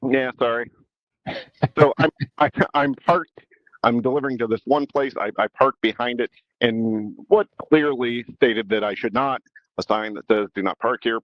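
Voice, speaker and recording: A man's voice: medium pitch, moderate pace, no room sound, lo-fi sound. A man hosting a podcast and telling a story in a casual, rambling way, with many restarts. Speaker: podcast host.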